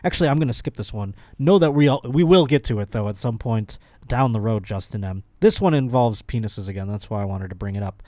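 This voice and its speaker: A man's voice: on the low side, expressive, fast talker, hardly any pauses, dark tone, no echo, clean studio sound. A man hosting a comedy podcast, rambling through news stories with crude jokes. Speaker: podcast host. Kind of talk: casual comedic chat.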